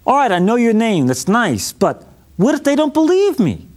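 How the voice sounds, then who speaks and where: Reluctant stuttering prophet, whiny and pleading, high and lively, as a teacher puts him on. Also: male voice, normal speed, heavily acted. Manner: whiny, protesting questions.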